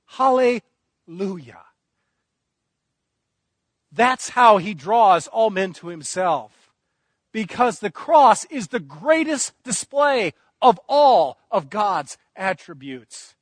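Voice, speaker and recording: Male preacher, high voice, dry close sound, passionate delivery with building repetition. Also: expressive, slow, pauses often, no echo. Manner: impassioned, rising and falling emphasis with repeated phrases. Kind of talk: sermon.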